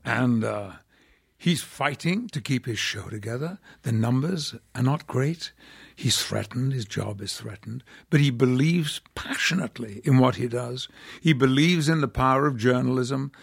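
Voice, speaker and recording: An older man, an actor, telling stories in an interview with measured, wry delivery and a gravelly, husky voice. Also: medium pitch. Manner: measured storytelling with wry laughs. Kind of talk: conversational anecdotes.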